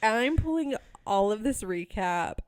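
A woman's voice: medium pitch, animated, a little slow, clear, resonant tone. A woman co-hosting a podcast, recapping episodes in a laid-back, casual chat full of "um" and "like". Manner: laid-back storytelling with frequent "um" and "like".

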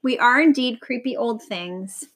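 A woman voicing a kindly old female vulture in a storybook reading, speaking calmly and softly. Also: on the high side, unhurried, a crowd in the background. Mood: gentle.

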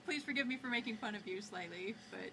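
A woman's voice: fairly high pitch, fast, bright, forceful tone, a little hiss or hum. A woman guest-hosting a podcast, asking questions in casual chat. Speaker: guest host.

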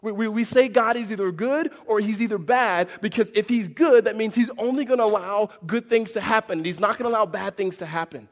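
A man giving a sermon as pastor, animated and conversational, acting out quoted voices with big swings up and down. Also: high-pitched, a little fast, hardly any pauses, big-room sound.

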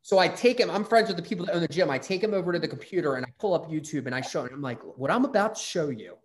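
A man's voice: on the high side, racing. A middle-aged man hosting a casual interview, telling rambling stories and swearing freely. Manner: rambling, profane, lively storyteller. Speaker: podcast host.

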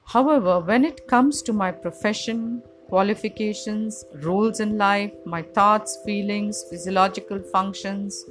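A woman giving a calm, measured philosophical lecture on the self, setting out examples one by one. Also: mid-range voice. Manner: measured, reflective, lists examples deliberately. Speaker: spiritual teacher. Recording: music playing behind.

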